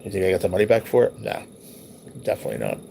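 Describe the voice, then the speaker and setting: Racing through his words, a livestream host with a low, dark voice swings widely in pitch and shows vocal fry as he casually reminisces over old photos. His talk is loose, rambling, and profane, and a little hiss or hum sits in the recording.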